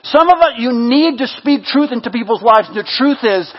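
A man preaching from the pulpit in a slightly husky voice. He rises to loud, urgent exhortation and then drops to soft, intimate repetition. The recording is a little dull and lo-fi. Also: extremely high pitch, lively intonation, normal speed. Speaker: pastor. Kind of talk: sermon.

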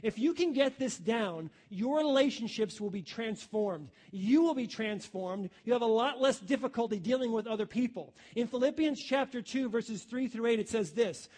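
A man's voice: extremely high pitch, lively intonation, normal speed, few pauses, darkish tone. A man preaching a sermon, emphatic and repeating his key phrases, calling listeners his friends.

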